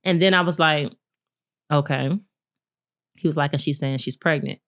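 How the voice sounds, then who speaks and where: A woman's voice: deep voice, moderate pace. A married woman co-hosting a podcast, candidly telling a personal story in casual chat and acting out what people said. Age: adult, married with a son. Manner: candid, animated retelling with laughs and acted-out quotes. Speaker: podcast co-host.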